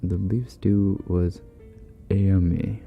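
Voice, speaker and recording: Deep, unhurried man chatting on a livestream. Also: flat delivery, vocal fry, phone-quality sound, soft background music. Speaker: livestream host reading chat. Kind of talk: casual live chat.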